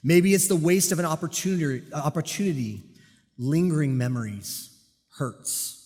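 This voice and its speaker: A man delivers a sermon in a church sanctuary, shaping a personal story with animated timing and dry jokes at his own expense. His voice sits a bit high for a man. Long reverb from the hall trails behind each phrase. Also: normal speed. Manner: animated storytelling with self-deprecating humor. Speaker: pastor and police officer.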